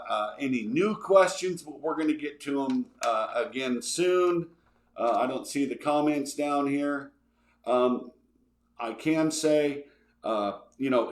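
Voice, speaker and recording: An energetic man hosts a podcast and answers listener questions off the cuff. He rambles, repeats words and keeps checking in with the listener. His mid-pitched voice rings in a noticeably echoey room. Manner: energetic, repeats words, says okay a lot. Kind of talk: casual rambling Q&A.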